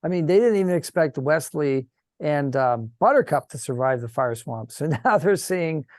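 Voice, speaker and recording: A man's voice: fairly high pitch, expressive, dry recording. Dry-sounding man running the game. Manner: halting, searching for words. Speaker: game master. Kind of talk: narrating a tabletop game on a video call. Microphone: video call.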